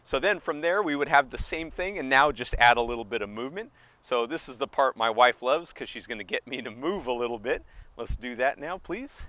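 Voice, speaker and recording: A tennis coach talks viewers through forehand drills on an outdoor court. His voice sits in an ordinary middle register, and he counts beats out loud while he swings. His tone stays upbeat and encouraging, and he gets a little winded as he moves to the ball. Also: medium pitch, lively intonation, fairly quick, no echo. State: slightly out of breath. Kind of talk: instructional on-court demonstration.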